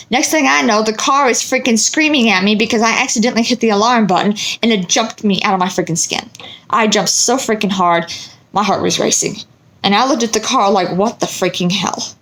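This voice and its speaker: A middle-aged woman vlogger telling a story in a casual, animated way, acting out what people said with exasperation. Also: fairly high pitch, moderate pace. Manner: animated, exasperated retelling with quoted dialogue.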